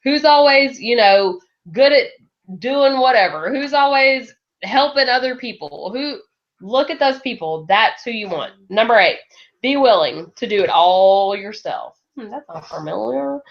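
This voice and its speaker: Lively woman coaching a sales team. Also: a little high, unhurried. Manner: lively, laughs often, acts out quoted voices. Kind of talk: motivational team talk. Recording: dull lo-fi recording.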